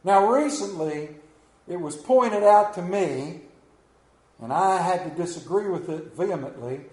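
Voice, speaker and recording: Middle-aged Appalachian pastor, high-pitched man, joking folksy sermon, roomy church echo. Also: lively intonation, measured pace, darkish tone. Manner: folksy, joking storyteller who questions the congregation. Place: church sanctuary.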